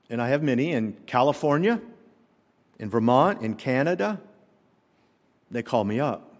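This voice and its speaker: A man preaching a sermon as pastor, emphatic and full of rhetorical questions. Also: mid-range voice. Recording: long hall reverb.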